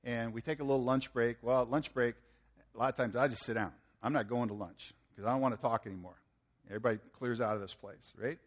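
A middle-aged preacher with a mid-range voice and quick pace tells a folksy story in his sermon. He animates it by acting out the people in it and voicing their quotes.

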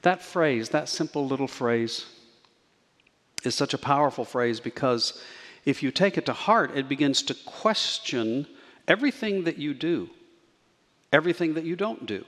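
A man preaching a sermon as pastor, measured and earnest, slowing down to stress key words. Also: a little high, animated, fairly bright tone, long reverb tail. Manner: measured, earnest preaching with slow emphatic pauses.

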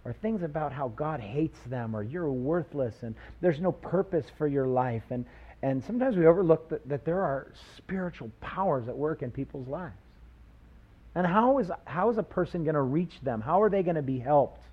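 A man preaching a sermon, animated, with rhetorical questions and acted-out quotes. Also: on the high side, moderate pace, husky, narrow, tinny audio. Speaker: pastor.

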